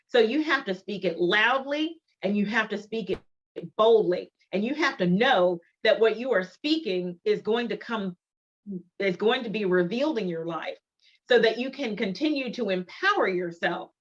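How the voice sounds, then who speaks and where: A middle-aged woman giving a motivational conference talk, emphatic and deliberate, repeating her key phrases. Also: mid-range voice. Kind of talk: motivational presentation. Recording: dull lo-fi recording.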